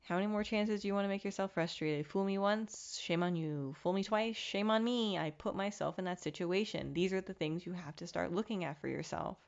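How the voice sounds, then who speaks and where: A woman's voice: lowish voice, a little fast, vocal fry, few pauses, muffled recording. Candid woman hosting a self-help podcast. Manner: candid, reflective, mildly profane self-help talk. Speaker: podcast host. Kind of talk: casual motivational monologue.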